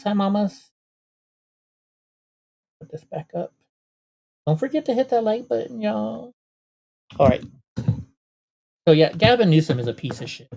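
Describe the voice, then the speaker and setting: A man's voice: on the high side, darkish tone. Chatty male livestream host. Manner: chatty, exclaiming, retells conversations. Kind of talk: casual livestream chat.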